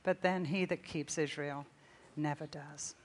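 A woman's voice: low voice, measured pace. Woman preaching a sermon in a big, reverberant hall. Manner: expressive reading, rising loud then dropping to a hush. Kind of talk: sermon with a read-aloud story. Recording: long reverb in a large hall.

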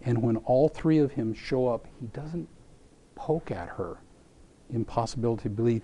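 A mellow-voiced man preaching a lively story. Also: mid-range voice, moderate pace, a little hiss or hum. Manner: animated storytelling, acts out voices, asks rhetorical questions. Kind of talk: sermon.

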